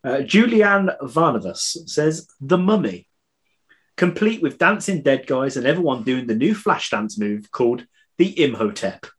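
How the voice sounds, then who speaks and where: A man's voice: mid-range voice, lively intonation, measured pace. A man hosting a podcast, chatting casually and reading out listener answers, laughing between lines. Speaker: podcast host.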